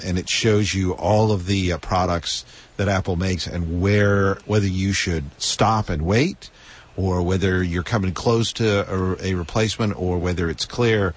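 Low-voiced, husky male radio co-host, casual tips for listeners. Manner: offhand, advising listeners. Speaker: radio tech show co-host.

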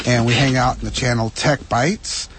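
A man's voice: medium pitch, steady tone, moderate pace, a bit bright, a little hiss or hum. A man hosting a tech radio show, bantering casually and joking with laughing asides. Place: radio studio.

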